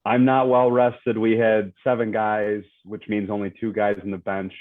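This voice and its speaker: A man's voice: lowish voice, flat delivery, moderate pace. Man in his thirties on a tinny line. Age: 30s. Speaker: sports panelist.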